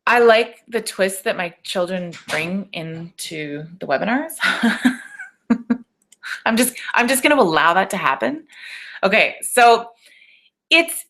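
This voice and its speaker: A woman's voice: medium pitch, expressive, takes it slowly, long pauses, a bit bright, slight background noise. A woman business coach leading a live webinar training, speaking in a motivational way, asking rhetorical questions and often checking in with "okay?".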